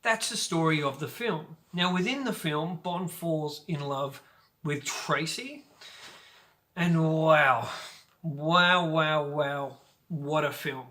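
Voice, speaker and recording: A man hosting a casual video film review, talking in an energetic, jokey and playful way. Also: on the high side, slow. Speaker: host of a film review channel.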